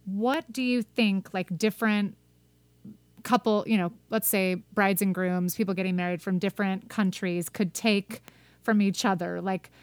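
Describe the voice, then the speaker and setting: A woman's voice: mid-range voice, steady tone, moderate pace, dry recording. A woman chatting casually on a podcast, joking bluntly and swearing now and then. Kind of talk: casual chat.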